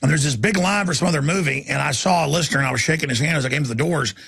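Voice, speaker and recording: A man hosting a talk radio show rants with a raised pitch and a husky edge. He drops into low, tired muttering, then climbs back up into shouting. The voice is rough and gravelly throughout. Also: rapid-fire. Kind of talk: impassioned talk radio monologue.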